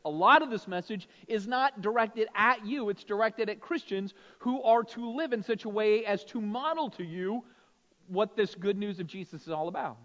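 A man delivers a sermon with a notably high pitch, talking conversationally to his congregation. He keeps adding "right?" to draw the room in. The sound is dull and lo-fi, and it echoes in a large hall. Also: moderate pace, fairly bright tone. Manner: conversational, frequent "right?" tag questions. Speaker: pastor. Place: church sanctuary.

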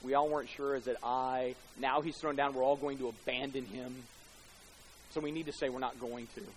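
A man preaching a sermon, swinging from loud emphatic bursts to hushed tender passages, with casual conversational asides. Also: medium pitch, steady tone, a little fast, slight background noise, poor audio. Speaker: pastor. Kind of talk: expository sermon.

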